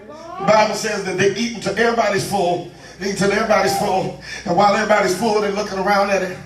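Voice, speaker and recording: A man preaching a call-and-response sermon as bishop, in a drawn-out chanting cadence with asides to the congregation. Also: high-pitched, flat delivery, distant mic, crowd noise. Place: large church sanctuary. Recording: echoey church sound from afar with organ.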